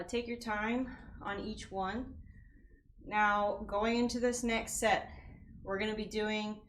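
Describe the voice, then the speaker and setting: A woman's voice: mid-range voice, fairly bright tone, echoey room. A woman leading a live workout class, counting reps and giving casual, encouraging form tips while out of breath. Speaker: fitness coach.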